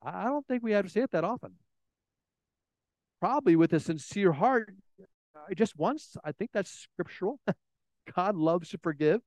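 A man's voice: high voice, animated, moderate pace, long pauses, a little mellow, no echo, rough recording. A man preaching a sermon in a conversational way, often repeating words and acting out little everyday scenes. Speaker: pastor.

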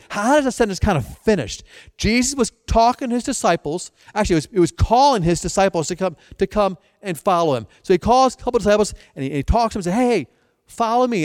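A man's voice: high voice, darkish tone, dry recording, studio quality, big-room sound. A male pastor giving a sermon, telling stories with repeated restarts and playful asides.

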